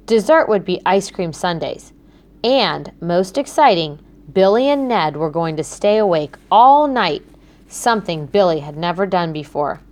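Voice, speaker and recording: Woman narrating a children's storybook. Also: lowish voice. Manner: clear, measured storytelling. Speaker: audiobook narrator.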